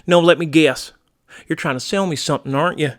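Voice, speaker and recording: A brash, gun-loving country man, as a man puts him on, blustering and crude with a folksy drawl to his phrasing. The voice rides fairly high with a bright, forceful edge. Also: a little fast, natural voice. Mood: gruff. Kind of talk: comedy sketch acting.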